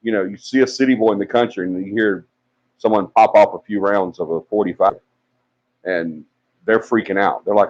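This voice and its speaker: A man with a fairly low voice tells a story the way he would to friends. He rambles and uses plenty of fillers, and his voice jumps up when he acts out what people said. The audio sounds dull and lo-fi, like a home live stream. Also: steady tone, fairly quick, a little mellow. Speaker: paranormal investigation team member on a live stream.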